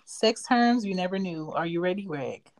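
A woman's voice: lowish voice, lively intonation, normal speed. A woman co-hosting a late-night podcast, talking in a brash, profane and teasing way. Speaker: podcast co-host. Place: home desk.

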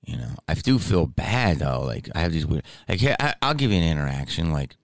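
A middle-aged man hosting a podcast, telling rambling, animated stories in casual chat. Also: a bass voice, a little fast, no echo, studio quality. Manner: rambling, animated, lots of fillers. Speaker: podcast host.

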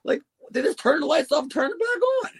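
A man's voice: very high-pitched, animated, quick pace. A man co-hosting a casual chat show, telling stories, laughing and cursing freely. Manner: storytelling, swears freely, laughs often. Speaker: podcast co-host.

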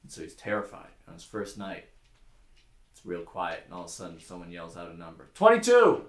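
A man's voice: sits low, level tone, a little fast, fairly bright tone. A young man hosting a podcast, chatting casually and telling a long joke in a loose, swearing way. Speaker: podcast host. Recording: echoey room.

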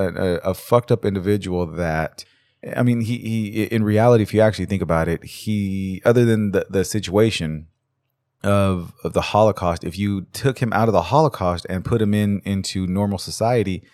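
A man's voice: sits low, darkish tone, no room sound, clean studio sound. A man hosting a true-crime podcast, talking casually, swearing a lot and stumbling over his words. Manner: rambling, profane, stammers and restarts. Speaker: podcast host.

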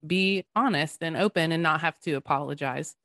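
A woman in her thirties speaks as a podcast guest in casual conversation, earnest and animated, with an easy laugh. Her voice sits a little low for a woman. The recording is close and dry. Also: moderate pace, no room sound.

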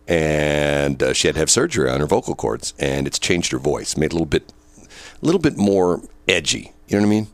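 Deep gravelly older man, radio host. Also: sing-song, a little fast, no echo. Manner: storytelling, boisterous, repeats words. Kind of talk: casual morning radio banter. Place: radio studio. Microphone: studio microphone.

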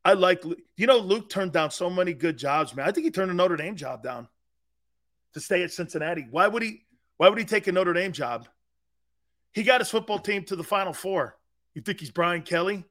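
A man's voice: high voice, animated, a little fast, fairly bright tone. A man hosting a sports talk show, brash and boisterous, laughing often as he riffs.

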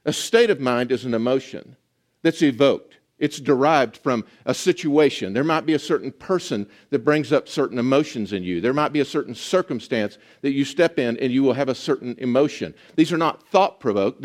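A man preaching a sermon in an earnest, emphatic teaching manner. He slows down to stress words and drops to a soft voice at times. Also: mid-range voice, lively intonation. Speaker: pastor.

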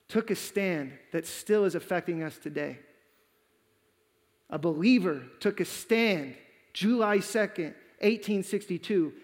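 A man's voice: sits high, big-room sound. A man preaching a sermon, telling a story dramatically and acting out the quoted lines. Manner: dramatic, acts out quoted dialogue.

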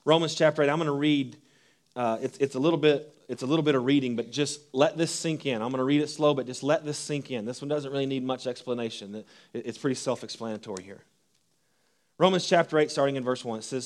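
A man preaching a sermon as a pastor, animated with stumbles and restarts, reading scripture slowly and deliberately. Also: medium pitch.

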